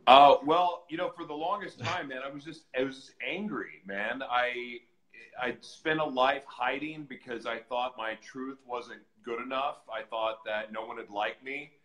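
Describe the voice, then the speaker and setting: Bright-voiced man telling his story. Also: mid-range voice, unhurried, rough recording. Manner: earnest, animated, acts out shouted voices in retelling. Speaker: podcast guest. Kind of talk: candid personal storytelling. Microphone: live stream, reads comments on screen.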